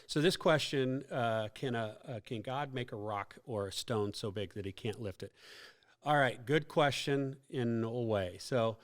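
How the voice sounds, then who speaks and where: A man's voice: medium pitch, unhurried. A man hosting a casual youth ministry podcast, explaining faith questions in a teacherly way with many fillers and joking asides.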